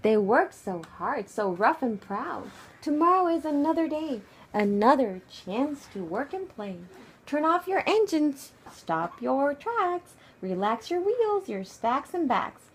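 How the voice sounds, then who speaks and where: A woman who speaks Japanese natively, reading a picture book aloud to her child at home at bedtime, expressive and hushed at times. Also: high voice, slow pace, a little hiss or hum. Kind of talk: bedtime story read-aloud.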